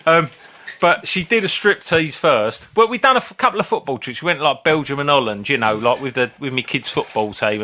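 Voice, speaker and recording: A man's voice: medium pitch, pushed and bright, slight background noise. A man in his fifties, co-hosting a comedy podcast as a rambling, sweary storyteller. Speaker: podcast co-host. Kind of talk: casual chat.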